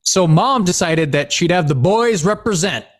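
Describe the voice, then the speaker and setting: A man's voice: sits high, moderate pace. A man co-hosting a podcast, telling family stories in a casual chat and laughing often. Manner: animated storytelling, laughs often. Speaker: podcast co-host.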